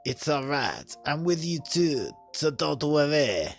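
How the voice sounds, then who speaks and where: A man reading as a gentle young cat master. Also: fairly high pitch, sing-song, slow, vocal fry, soft background music, full character voice. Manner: earnest reading of a script. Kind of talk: fan dub of a visual novel.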